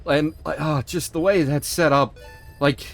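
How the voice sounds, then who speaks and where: A man's voice: fairly high pitch, steady tone, measured pace, gravelly, faint music behind. Rambling, swearing male game streamer. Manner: rambling, emphatic, swears often. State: emotional, choked up. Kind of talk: casual livestream commentary.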